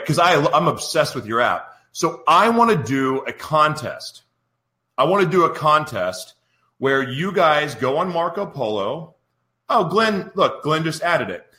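Male host of a live radio show, bright voice, roomy studio, chatty and rambling. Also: fairly high pitch. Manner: rambling, chatty, talks to live viewers by name. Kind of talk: casual live radio talk.

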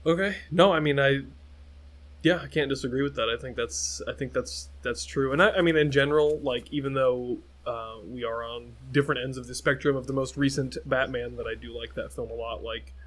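A man's voice: mid-range voice, brisk. A man in his twenties co-hosting a podcast, chatting easily about films with fillers and frequent laughs. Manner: easygoing, laughs often, fillers. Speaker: podcast co-host. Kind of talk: casual film chat.

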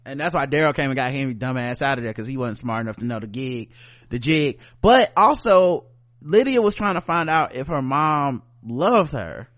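Male podcast co-host, mid-pitched, loose and profane recap storyteller, dry close mic. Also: animated, moderate pace, fairly bright tone, no room sound. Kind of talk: casual TV recap chat.

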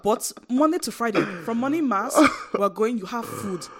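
Lively high-voiced young Nigerian woman. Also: moderate pace. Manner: animated storyteller, sudden high squeals. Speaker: podcast co-host. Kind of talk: casual chat.

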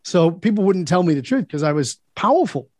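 Blunt storytelling man, high voice. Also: big pitch swings, a little fast, no room sound. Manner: blunt, storytelling, acts out quoted dialogue, swears freely. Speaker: podcast guest, leadership speaker. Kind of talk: casual interview conversation.

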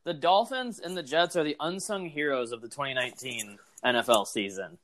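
A man's voice: fairly high pitch, brisk, fairly bright tone. A man co-hosting a podcast in casual chat, rambling through stories, acting out quotes and swearing. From Arkansas. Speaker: podcast co-host.

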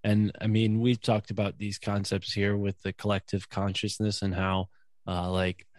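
This is a man with a fairly low voice, talking loosely as a podcast co-host. He rambles through his thoughts, packing in "like" and "you know." The sound is dry and close, with no room around him. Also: monotone, moderate pace, darkish tone, no room sound. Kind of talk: casual podcast chat.

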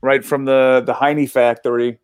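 A man's voice: mid-range voice, level tone, a little slow, crowd noise. A man, a comedian guest, telling a rambling story on a video call and laughing through it. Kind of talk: casual storytelling chat.

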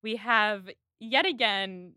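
A woman's voice: mid-range voice, takes it slowly, pushed and bright, clear, resonant tone, no room sound, studio quality. A woman hosting a podcast, chatting casually as she retells film scenes with lots of "like". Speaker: podcast host. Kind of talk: casual chat recapping a film.

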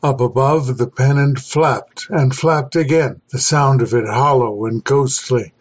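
A man reading a horror story aloud as the podcast host, slow and deliberate. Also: medium pitch, husky, low-quality recording. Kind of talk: scripted horror narration.

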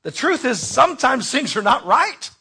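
Preacher guy with a bright slightly husky voice, goes hushed then shouts. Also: extremely high pitch, very animated, moderate pace. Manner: dramatic, swings from hushed to shouting. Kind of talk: sermon.

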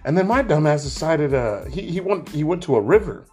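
A man's voice: fairly high pitch, fairly quick, faint music behind. A man in his thirties co-hosting a casual chat show, telling stories with lots of swearing and acted-out voices. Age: 30s. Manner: animated, swears freely, acts out voices in stories. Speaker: podcast co-host.

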